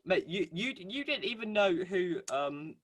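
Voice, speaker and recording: A man's voice: high-pitched, lively intonation, unhurried, a bit bright, no echo. A young man co-hosting a casual podcast, rambling with lots of fillers. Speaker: podcast co-host. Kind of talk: casual chat.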